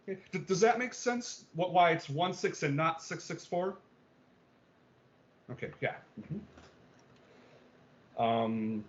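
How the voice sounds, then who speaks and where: A male music theory teacher giving an online class lecture, explaining step by step with many okays and ums and checking that students follow. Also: on the high side. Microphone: video call. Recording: dull lo-fi video-call audio.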